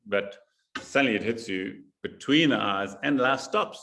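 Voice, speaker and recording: Man, gravelly voice, halting, repeats words, emphatic, interview guest. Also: medium pitch, lively intonation, a bit bright. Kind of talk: casual interview conversation.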